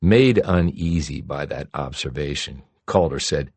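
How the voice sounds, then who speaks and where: Male audiobook narrator, very low husky voice, steady and low-key, dry close studio sound. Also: normal speed, dry recording. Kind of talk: scripted narration.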